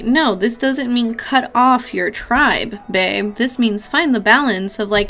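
A woman's voice: mid-range voice, slow, few pauses, a bit bright, soft background music. A woman giving a casual pick-a-card tarot reading, chatty and affectionate, with casual swearing. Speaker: tarot reader.

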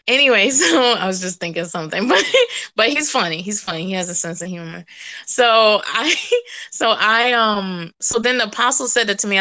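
A woman sharing a casual, animated testimony, laughing and jumping to high exclamations. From West Indian. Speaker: prophetic preacher.

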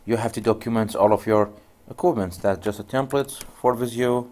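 A man's voice: on the low side, a little fast, a little mellow. A male networking instructor giving a casual screen-share tutorial, telling stories full of "you know" and "goes like" in non-native English phrasing.

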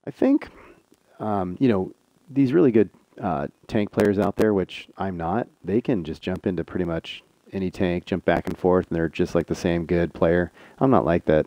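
A man streaming a tank game live, chatting excitably to teammates and viewers. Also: deep voice, normal speed. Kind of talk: live gameplay commentary.

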